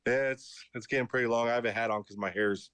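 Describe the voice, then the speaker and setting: A man's voice: mid-range voice, fairly even intonation, quick pace, a crowd in the background. A man joining a radio show by video call, friendly and a little nervous in casual chat.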